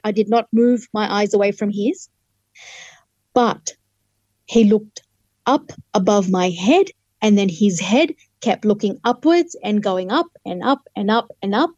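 Speaking unhurriedly in a medium-pitched, darkish voice with lively intonation, this woman from Fiji tells her faith testimony as a guest in an interview. She is a human rights lawyer and an earnest, vivid storyteller who performs the dialogue. There's no echo, and the sound is lo-fi.

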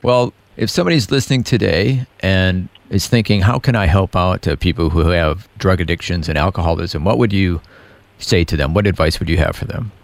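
Deep gravelly man interviewing. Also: brisk, no room sound. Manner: brief prompts and attentive backchannels. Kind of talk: interview questions.

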